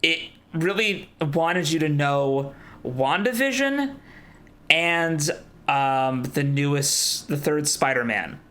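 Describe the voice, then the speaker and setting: Excitable "like"-heavy podcast guy. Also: fairly high pitch. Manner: excitable, fast bursts, heavy use of "like". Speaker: podcast co-host. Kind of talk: casual chat.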